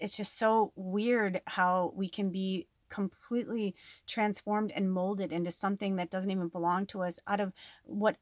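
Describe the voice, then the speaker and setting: A woman's voice: medium pitch, no room sound, clean studio sound. A woman giving a casual spiritual card reading in a rambling, chatty way, full of fillers, recorded at home on a farm. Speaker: tarot and oracle card reader.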